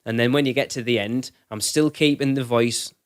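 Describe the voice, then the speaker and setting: A podcast co-host chats casually, rambling and correcting himself as he goes. His medium-pitched voice is clean and fairly evenly intoned, at a normal speed, with clean studio sound and no room sound.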